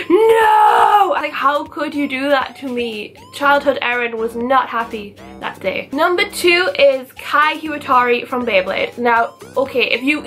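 A woman's voice: a little high, a bit bright. A young woman vlogger chatting casually and gushing animatedly, with gasps and mock outrage. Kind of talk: casual chatty countdown vlog.

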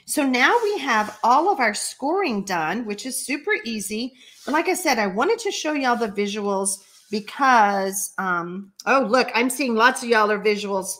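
A Texan woman with a slightly high voice hosts a live card-making stream. She talks in a chatty, folksy way, laughs often, and stops to read viewer comments aloud. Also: expressive, measured pace, fairly bright tone, slight background noise. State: allergies, watery eyes. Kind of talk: live stream craft tutorial.

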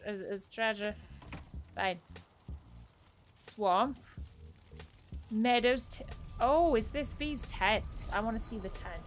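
A young woman chatting casually while streaming a game, thanking viewers by name and laughing at her own confusion. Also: a little high. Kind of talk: casual live-stream chat while playing.

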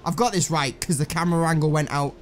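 Over faint music, a young man with a slightly high voice talks fast while playing a puzzle game. His casual let's-play commentary has him addressing himself and the characters, cursing and making fun of himself.

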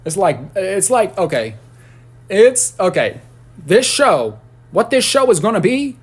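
A man ranting on a casual livestream, rambling and profane, with sudden high squeals and shouts. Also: big pitch swings, a little slow, slightly rough.

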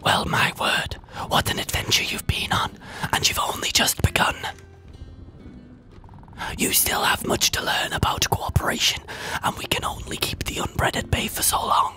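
A man's voice: bright, forceful tone, faint music behind. A man whispering as a stately old king. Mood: grand. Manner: slow, formal, storybook delivery. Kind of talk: whispered role-play.

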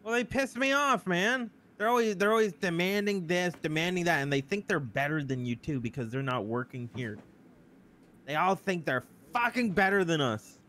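A man playing an odd, defensive male fast-food worker who rambles and swears. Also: medium pitch, sing-song, a bit bright. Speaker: employee being questioned.

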